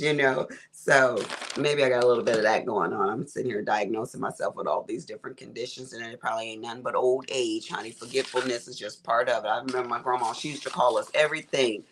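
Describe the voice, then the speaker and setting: A woman's voice: a bass voice, steady tone, quick pace, fairly bright tone. A middle-aged woman hosting a casual craft livestream, chatty and folksy, calling her viewers y'all and honey.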